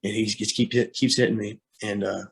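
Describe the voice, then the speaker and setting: Low, flat-voiced man telling a painful story. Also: creaky. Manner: halting, with many fillers and repeated starts. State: emotional, close to tears. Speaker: guest. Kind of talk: personal story in an interview.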